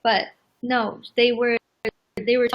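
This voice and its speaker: A woman's voice: a little high, little pitch movement, slow pace, muffled recording. A woman chatting casually with a friend, full of "like" fillers. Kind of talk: casual chat.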